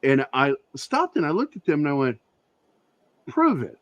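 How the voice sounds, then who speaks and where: A man who is a guest on an interview show, telling profane, animated anecdotes with a lot of laughter in casual conversation. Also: on the high side, normal speed, dry recording, highs cut off. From Virginia, USA. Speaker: interview guest, comic creator. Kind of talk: casual storytelling.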